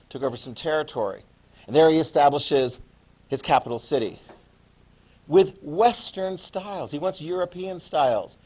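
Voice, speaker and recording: A man in his fifties giving a classroom history lecture, lively and joking, acting out quotes. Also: a little high. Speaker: history teacher.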